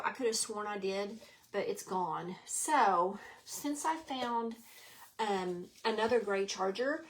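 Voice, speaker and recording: A middle-aged woman hosting a live craft stream from home, chatty and rambling, slightly out of breath. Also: medium pitch. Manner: chatty, rambling, greets viewers by name. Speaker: craft show host.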